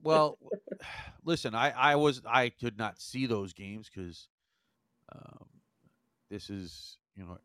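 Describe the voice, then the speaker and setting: A man co-hosting a hockey talk show, measured and dry, counting points out carefully. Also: medium pitch, animated, fairly bright tone, clean tone, no room sound. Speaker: hockey analyst, co-host. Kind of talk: casual hockey chat.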